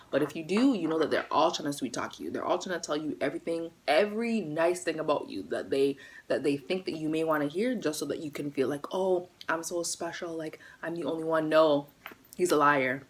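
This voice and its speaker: A young woman telling a casual storytime, chatty and animated, acting out the people she quotes. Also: low voice, a little fast, poor audio. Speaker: vlogger.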